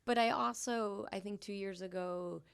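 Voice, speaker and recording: A woman's voice: medium pitch, fairly even intonation, normal speed, gravelly, clean tone. A middle-aged woman with a New England accent, a podcast guest chatting casually and acting out her own thoughts in a raised voice. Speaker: podcast guest, sign painter. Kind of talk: casual interview chat.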